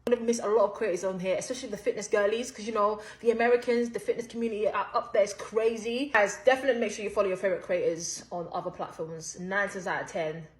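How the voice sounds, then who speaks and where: A woman's voice: mid-range voice, fairly even intonation, fast talker, hardly any pauses, reverberant. A woman talking in a chatty, incredulous way in a casual vlog. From Britain. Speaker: content creator.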